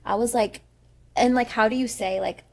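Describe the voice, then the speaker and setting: Young woman cohost, emphatic and animated, gravelly husky voice. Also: a little high, moderate pace. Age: young adult. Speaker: podcast co-host. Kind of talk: casual emotional chat.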